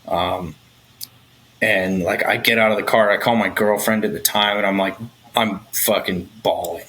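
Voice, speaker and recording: A man's voice: fairly low pitch, fairly even intonation, normal speed, bright, forceful tone, poor audio. A man speaking as a podcast guest, telling personal stories candidly and swearing freely.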